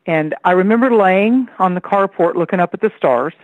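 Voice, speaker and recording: Over a dry, tinny telephone line with no echo, a woman from Tennessee speaks in a lowish voice at normal speed. A psychic astrologer guesting on a call-in radio show, she tells lively childhood stories and acts out her relatives' voices.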